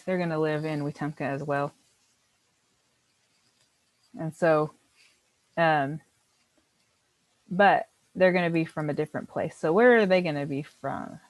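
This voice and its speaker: A woman's voice: deep voice, no room sound, low-quality recording. A woman teaching a beginner language class, explaining patiently step by step and encouraging her students.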